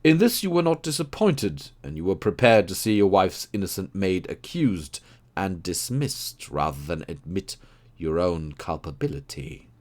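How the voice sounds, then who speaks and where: A man's voice: low-pitched, very animated, normal speed, darkish tone, pitched above the performer's own voice. A man reading an audiobook, voicing a keen, precise male detective who explains his deductions. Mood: assured. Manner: crisp, assured, explaining.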